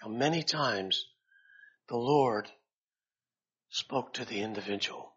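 A man preaching a sermon, pausing often and rising loud and high on quoted scripture. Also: slightly rough. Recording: dull lo-fi sound.

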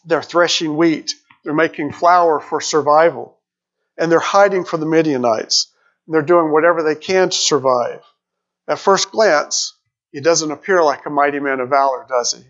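A man delivers a sermon, reading scripture aloud and pausing to ask his listeners questions. His voice sits a little high for a man. The recording is dull and lo-fi. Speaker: preacher.

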